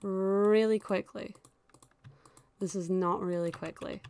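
An excitable young woman talking her way through a video game session at her desk mic. She chatters along with frequent squeals and laughs, and there is keyboard typing behind her. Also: mid-range voice, slow pace, gravelly, pauses often, slight background noise. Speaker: gaming YouTuber. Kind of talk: casual gameplay commentary.

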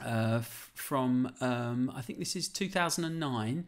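A man's voice: medium pitch, measured pace. A man hosting a casual live-streamed interview, chatty and full of fillers, often addressing his viewers. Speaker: host.

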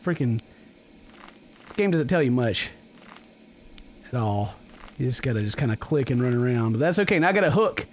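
A man's voice: mid-range voice, normal speed, long pauses, a little hiss or hum. A man giving casual, offhand let's-play commentary on a video game. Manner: animated, offhand. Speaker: gameplay commentator.

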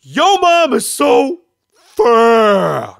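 A man narrating and playing the lead in an animated joke cartoon, animated and exclaiming. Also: extremely high pitch, very slow, vocal fry, slight background noise. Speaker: cartoon narrator and main character.

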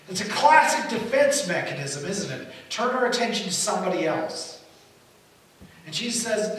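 A man preaching a sermon as pastor, telling the story in an animated way and acting out the quotes. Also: on the high side, normal speed. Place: church hall. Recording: echoey hall from far off, faint hiss.

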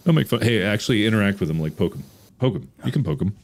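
Lively joking YouTuber man. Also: on the low side, racing. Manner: joking, sarcastic asides to his editor. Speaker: YouTuber and host. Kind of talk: casual gaming chat.

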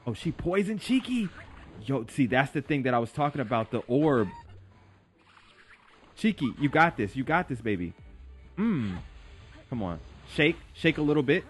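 Young male gaming YouTuber, excitable slangy live commentary, very lively pitch, light music bed. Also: normal speed, long pauses. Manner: excitable, slangy, yelps and talks to his pet creature. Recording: faint game music behind.

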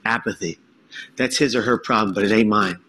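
A man giving an earnest, emphatic personal testimony talk, with dramatic pauses. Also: on the low side, bright, forceful tone, slightly rough. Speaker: speaker sharing his story.

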